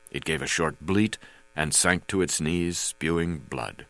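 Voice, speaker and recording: A man reading his memoir aloud as narrator, halting with frequent fillers. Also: a bass voice, bright, forceful tone, no echo.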